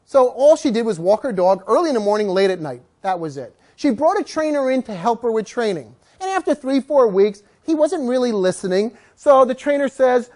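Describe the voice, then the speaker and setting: A man teaching a dog-training class, telling stories with lively, acted-out voices. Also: very high voice, a little fast, few pauses. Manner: animated, acts out quoted voices. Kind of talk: storytelling lecture to a class.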